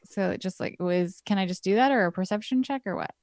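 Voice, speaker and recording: A woman plays a tabletop game, talking tentatively with lots of fillers. Her voice sits at a middle pitch, dry and close to the mic. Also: fast talker, darkish tone, dry recording. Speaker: player. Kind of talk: casual tabletop play.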